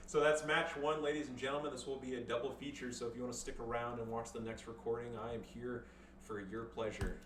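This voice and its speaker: A man's voice: mid-range voice, quick pace, distant mic. Crude joking male game commentator, echoey room. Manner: crude joking, frequent swearing, loose and rambling. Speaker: player commentating his own match replays. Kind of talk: casual gameplay commentary. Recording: echoey room, voice off-mic, faint background noise.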